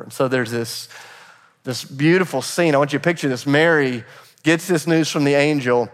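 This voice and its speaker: A man pastor giving a sermon, telling the story with animated, conversational energy and briefly acting out quoted voices. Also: a little high, moderate pace, big-room sound. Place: church sanctuary.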